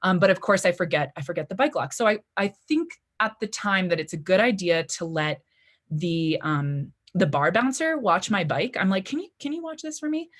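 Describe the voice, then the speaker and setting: Lower-voiced young woman telling a story on stage, chatty, lots of "like"s. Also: lively intonation, moderate pace. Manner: chatty, full of "like" and "you know" fillers. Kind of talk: live story slam storytelling. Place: library event stage before an audience.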